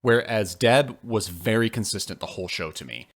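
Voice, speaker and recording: A man co-hosting a podcast, chatting casually and ranting with swearing and sudden jumps in pitch. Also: moderate pace. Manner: animated, profane ranting with big pitch jumps. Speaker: podcast co-host. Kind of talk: casual podcast review chat.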